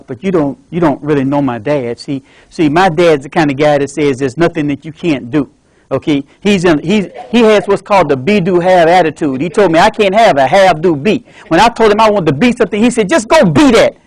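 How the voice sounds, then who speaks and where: A man's voice: a little high, lively intonation, a little fast, low-quality recording. A man telling a dramatic story at a club meeting, emphatic and upbeat, repeating motivational lines. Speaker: club speaker.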